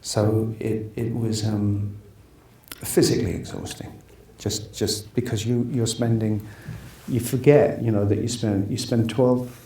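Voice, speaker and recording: This fifties-aged actor speaks in a steady, mellow, lowish voice at a slightly slow pace. Being interviewed casually, he rambles through stories, restarting often and voicing what others said. The sound is distant and roomy with faint background noise.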